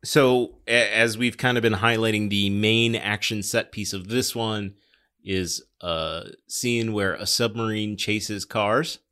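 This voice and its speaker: Bright-voiced sarcastic man reviewing films. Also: lowish voice, fairly even intonation, takes it slowly, smooth. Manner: sarcastic, swears, laughs often. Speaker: podcast co-host. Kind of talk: casual movie review chat.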